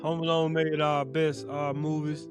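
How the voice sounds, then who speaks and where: High-voiced man retelling movie scenes. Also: measured pace. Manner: animated retelling of scenes, repeats himself. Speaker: podcast co-host. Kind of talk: casual chat ranking movies. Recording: faint guitar music behind.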